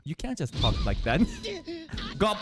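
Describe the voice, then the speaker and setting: Anime reactor, live commentary, pitch all over the place, laughs and heckles the screen. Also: a little slow, music in the background. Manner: animated, laughing, talking back at the screen.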